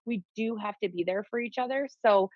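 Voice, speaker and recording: A young woman and nurse, telling her story in a casual, animated way and saying "like" often. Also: mid-range voice, fairly quick, no echo. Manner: animated, peppers speech with "like". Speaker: nurse guest. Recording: dull lo-fi audio.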